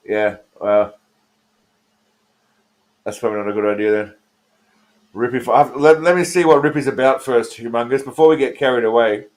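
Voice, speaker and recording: A man's voice: medium pitch, normal speed, long pauses. An Australian man streaming live, joking and rambling as he talks to his chat by name while reacting to trailers.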